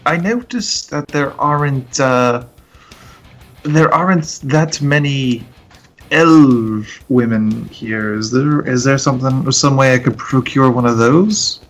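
A man's voice: medium pitch, slow. A man playing a character in a tabletop game, speaking hesitantly and politely. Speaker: player. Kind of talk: casual tabletop play.

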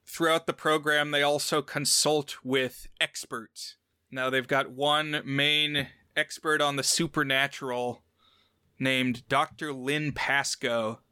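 A man's voice: medium pitch, bright, forceful tone, clean tone, no room sound, studio quality. A man co-hosting a podcast, casually reviewing and explaining details step by step. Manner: explanatory, walks through details methodically. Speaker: podcast co-host.

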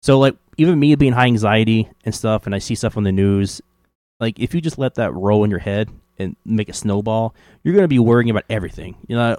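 A man's voice: lowish voice, lively intonation, fast talker, a little mellow, no room sound, clean studio sound. A man from Kentucky with a faint Southern accent, chatting casually on a podcast with lots of fillers. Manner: rambling, many "like" and "you know" fillers. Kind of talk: casual conversation.

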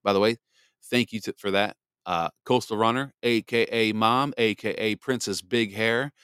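Guy rambling on a live podcast, kinda low voice, super dry sound. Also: fairly even intonation, normal speed, fairly bright tone, clear, resonant tone, no room sound. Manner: rambling, chatty, greets listeners in the live chat. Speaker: podcast host. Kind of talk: casual live podcast chat.

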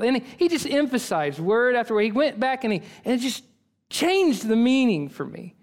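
Man, pastor, high voice, sermon, earnest, emphatic, repeats key phrases. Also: big pitch swings, moderate pace.

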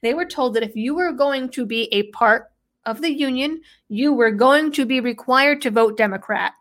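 A woman talks through an article on her own, reading out quotes and then answering them with skeptical, sarcastic asides. Her voice sits a little on the high side for a woman, and she keeps up a steady commentary. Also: moderate pace. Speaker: political commentator. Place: New England background.

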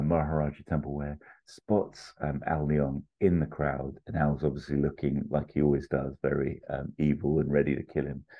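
A man co-hosting a podcast, casually pitching a movie plot in a rambling way with many fillers. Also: dull audio. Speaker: podcast co-host.

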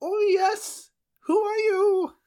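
Shrill, squeaky medieval man. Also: steady tone, takes it slowly, a little mellow. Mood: outraged. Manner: high squeaky outraged shrieking.

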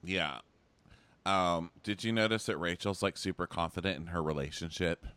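A low-voiced man with a bright, forceful edge riffs through a casual comedic recap. He talks in an animated, mocking way, jumping into squeaky impressions. The sound is dry and close, with no room in it. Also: normal speed, clear, resonant tone, no room sound. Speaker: podcast co-host.

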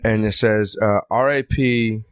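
A man's voice: on the low side, fairly even intonation, unhurried, clear, resonant tone, no echo, clean studio sound. A man in casual podcast chat who often repeats a phrase while gathering his thoughts.

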